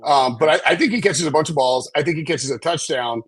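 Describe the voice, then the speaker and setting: Rambling male betting analyst; husky, slightly high voice, dry close sound. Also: quick pace, no room sound. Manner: rambling, hesitant, lots of fillers and restarts. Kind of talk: casual live-stream betting chat.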